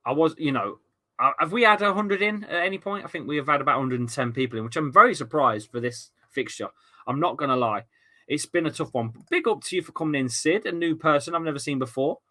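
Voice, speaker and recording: A young man hosts a live football watchalong and mixes match commentary with casual chat to his viewers. His voice is bright and forward, pitched a little high, and he swears freely while reading out comments. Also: lively intonation, fast. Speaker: football fan streamer.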